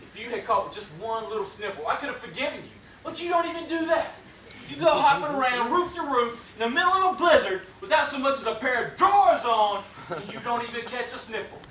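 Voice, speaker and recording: A man's voice: extremely high pitch, expressive, brisk, slight background noise, exaggerated voice. A man playing an exasperated, bitter husband in a live stage play, ranting at his wife. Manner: loud, ranting stage delivery. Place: theater stage. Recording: echoey stage sound, mic far off.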